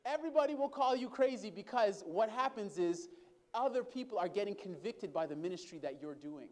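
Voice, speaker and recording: A man's voice: high voice, animated, a little fast. A man preaching a sermon who tells a story, calls out to the congregation as brothers and sisters, and asks them for responses.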